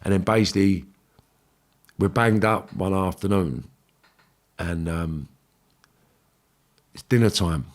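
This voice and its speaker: A man with a London accent tells a long story in a casual podcast chat. His voice sits fairly low, and he talks bluntly, swearing freely as he acts out the voices of the people in his tale. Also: slow, long pauses. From England. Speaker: podcast guest.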